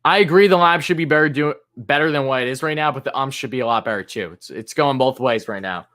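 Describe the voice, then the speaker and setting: A man hosting a live fan stream, calling pitches play-by-play and griping and swearing about the umpires in an exasperated voice that jumps high on big moments. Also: quick pace, fairly bright tone. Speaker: fan commentator and stream host.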